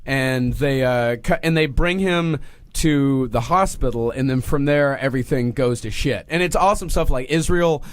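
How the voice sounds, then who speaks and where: A man's voice: medium pitch, normal speed, smooth. A man on a casual podcast, enthusiastically retelling a book with plenty of swearing. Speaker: podcast co-host.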